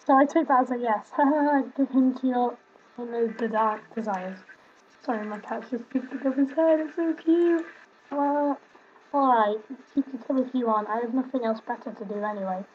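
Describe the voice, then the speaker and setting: Reading game text aloud at normal speed, this young streamer has a slightly high voice and keeps up casual let's-play chatter, giggles, and affectionate comments. The home recording sounds slightly muffled and carries a little hiss or hum.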